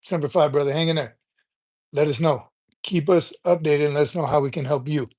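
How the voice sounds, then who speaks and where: A man's voice: fairly high pitch, fairly even intonation, a little fast, darkish tone. An older man hosting a casual livestream chat, talking in a loose, rambling way and often repeating words as he gathers his thoughts. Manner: rambling, conversational, repeats words while thinking. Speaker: livestream host.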